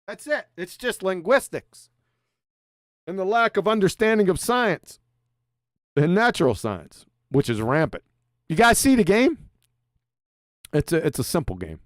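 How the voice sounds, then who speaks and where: Middle-aged man, sarcastic lecturing host, smooth resonant voice, dry close sound. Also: high-pitched, big pitch swings, unhurried, long pauses, no echo. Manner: sarcastic, lecturing, rhetorical questions. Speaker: show host. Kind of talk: lecture-style livestream monologue.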